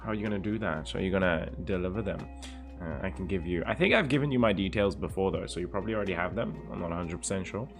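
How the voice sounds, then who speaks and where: A man with a fairly low voice chats casually on a livestream, greeting viewers by name and reading their messages aloud. His delivery is relaxed and easygoing. Faint music plays in the background. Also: fast. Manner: laid-back, greets viewers by name and reads chat aloud. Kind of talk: casual stream chat.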